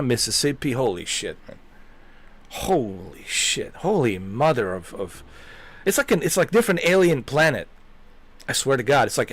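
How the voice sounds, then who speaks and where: A man's voice: mid-range voice, fairly bright tone. A man hosting a gaming channel, chatting casually in a rambling way, swearing and repeating himself.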